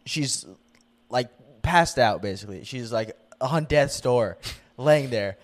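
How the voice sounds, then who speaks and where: A man's voice: medium pitch, expressive, slow pace. A young man co-hosting a podcast, telling a story in casual chat, laughing often and saying "dude" and "like" a lot. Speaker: podcast co-host.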